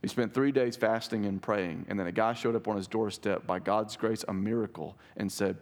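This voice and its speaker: A man's voice: fairly low pitch, normal speed, hardly any pauses. A male pastor preaching a sermon in a church, talking in an earnest, conversational way and often checking in with listeners.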